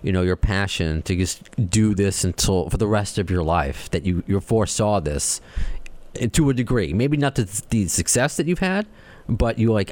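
A man's voice: on the low side, lively intonation, normal speed, a little mellow. A man hosting a podcast interview, asking long, winding questions with frequent restarts. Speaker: podcast host. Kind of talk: casual interview.

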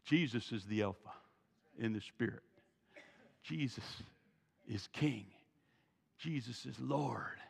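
A pastor preaching a sermon in a church, animated and folksy, with joking asides, on a worn mic. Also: male voice, mid-range voice, takes it slowly, gravelly, pauses often, husky. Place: church sanctuary. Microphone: wearing a mic. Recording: reverberant church hall.

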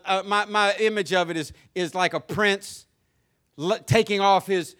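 With a smooth delivery, an older pastor from the American South preaches, his voice rising to loud shouts and sinking to low, offhand asides.

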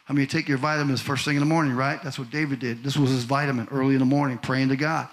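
A male pastor preaching a sermon to a congregation, building from calm talk to loud shouted peaks. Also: mid-range voice, racing. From Missouri. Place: church in front of a congregation.

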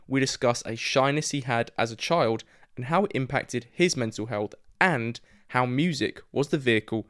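A man's voice: mid-range voice, fairly bright tone, no room sound, studio quality. A man hosting a music podcast, reading a scripted intro and then interviewing a guest in a friendly, chatty way. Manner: friendly, chatty, says "mate". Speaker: podcast host.

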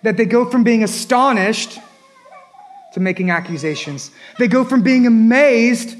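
High-voiced emphatic pastor preaching. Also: male voice, animated, unhurried. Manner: emphatic, repetitive, rising and dropping for effect. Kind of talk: sermon.

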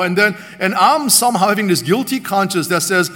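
A man preaching a sermon, retelling a Bible story with animated storytelling and voicing the characters. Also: high voice, fairly quick, hardly any pauses. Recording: long hall reverb.

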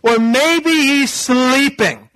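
A man's voice: high-pitched, unhurried, fairly bright tone, rough recording. A preacher acting out a bold male prophet who taunts his rivals with playful sarcasm. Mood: mocking.

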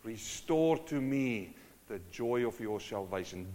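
A man's voice: medium pitch, lively intonation, slow. Man preaching in an echoing hall. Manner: swings from hushed to loud, many rhetorical questions. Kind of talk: sermon. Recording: long hall reverb.

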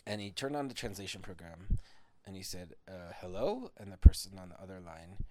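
A man making up a bedtime story at home, speaking gently and often dropping to a murmur. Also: low-pitched, fairly quick, noisy background. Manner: gentle, drifting into quiet murmurs. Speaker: parent telling a bedtime story.

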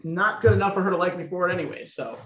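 A man hosts a laid-back podcast, rattling off jokes at a quick clip in a fairly high voice. He swears casually, and the room around him rings with echo. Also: a bit bright. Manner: quick, joking, swears freely. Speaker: podcast host. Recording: roomy echo.

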